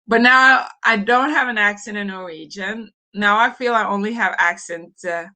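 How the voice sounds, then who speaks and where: Slow-talking bright-voiced woman. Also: fairly high pitch, very animated. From Norway. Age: 40s. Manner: chatty, hesitant, laughs often. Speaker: livestream host. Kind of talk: casual live chat answering viewers.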